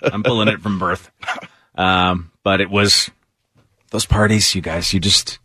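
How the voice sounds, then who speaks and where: A middle-aged man from Ireland, telling animated stories in a casual chat. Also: low voice, unhurried, husky, no room sound, studio quality. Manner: animated storyteller who slips into voices when telling stories.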